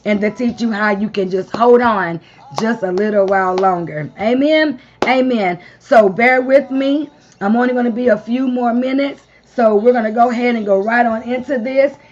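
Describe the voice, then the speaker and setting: Brief woman preacher, slightly high, lo-fi stream. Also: moderate pace, a little mellow. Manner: call-and-response preaching with frequent amens and long spoken lists. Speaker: preacher leading a live-streamed devotion. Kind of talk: sermon.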